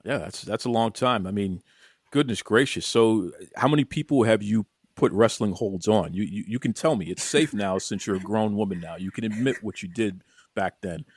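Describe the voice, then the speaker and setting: A man with a Boston accent hosting a casual podcast interview, energetic and folksy, often repeating his words. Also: on the low side, normal speed, husky, no room sound, studio quality. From Boston, USA. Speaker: podcast host.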